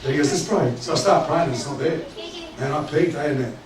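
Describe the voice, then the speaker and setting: A man preaching a sermon as pastor, animated and joking in a conversational way. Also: on the high side, fairly quick. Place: church. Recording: echoey church hall from a distance with background noise.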